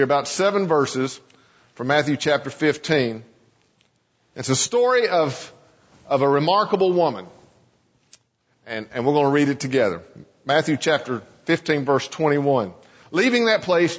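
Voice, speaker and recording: A man's voice: a little high, fairly bright tone. A male pastor preaching a sermon in a church, telling scripture stories with dramatic flair. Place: church sanctuary. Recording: echoey church sanctuary, dull lo-fi sound.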